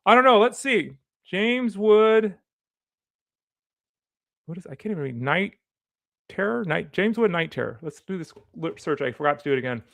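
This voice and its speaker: A man's voice: high-pitched, very animated, normal speed, gravelly, long pauses, no room sound. A man hosting a sports show, chatting casually while opening card packs, rambling and easily sidetracked. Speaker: sports podcast host.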